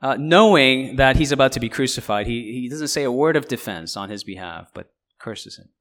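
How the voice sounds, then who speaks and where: A man with a mid-range voice moves briskly through a verse-by-verse Bible teaching. He explains conversationally, paraphrasing in lively asides and often checking in with "right?"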